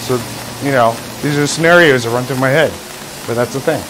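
A man's voice: medium pitch, a little fast, noisy background. A man hosting a casual livestream from his workshop, who rambles, jokes, and acts out imagined scenes. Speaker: livestream host, engraver.

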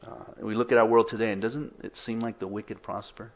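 Man, middle-aged pastor, low voice, conversational sermon, fillers and restarts. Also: level tone, a little fast, vocal fry. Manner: conversational, with fillers and repeated words.

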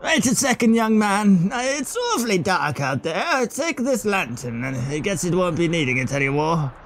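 A man putting on a high quavering old granny. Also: big pitch swings, normal speed, fairly bright tone, slight background noise. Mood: sweet. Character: frail elderly widow, pleading and flustered.

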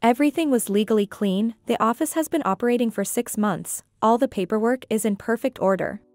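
A woman voicing a gentle, hurt middle-aged divorced mother in a read-aloud story, speaking in a soft, measured way. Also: a little high, no echo, clean studio sound, natural voice.

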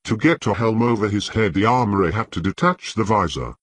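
A man reading an audiobook in measured, scripted narration with a husky voice. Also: fairly low pitch, lively intonation, dry recording.

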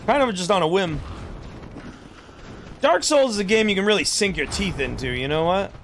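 This young streamer speaks at a normal speed in a high voice, with slight noise behind him. He comments casually on his gameplay, rambling and cursing freely, and exclaims loudly in surprise at what unfolds on screen.

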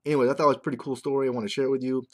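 A man's voice: mid-range voice, level tone, very fast. A man in a casual talking-head monologue, rambling conversationally as a marketing vlogger. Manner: rambling, conversational, keeps checking in with "right?".

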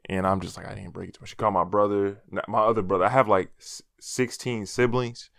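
A man's voice: fairly low pitch, level tone, fast, vocal fry, a bit bright, dry recording. Slangy young man telling a story, dry close mic. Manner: casual, slangy, swears often; laughs at his own story. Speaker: vlogger. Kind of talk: storytime vlog.

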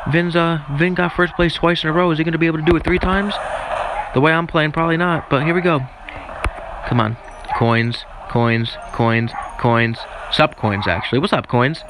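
A man's voice: medium pitch, background noise. A man giving goofy, rambling commentary on a mobile racing game at home, cheering at the screen and joking between races. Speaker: mobile game let's-player. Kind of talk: casual live gameplay commentary. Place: at home with barking dogs.

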